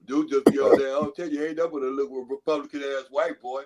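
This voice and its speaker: A man's voice: medium pitch, fairly even intonation, quick pace, lo-fi sound, heavy background noise. A man calling in to a sports chat, teasing another host with relentless repetitive heckling. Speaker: call-in guest. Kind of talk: trash-talking podcast banter.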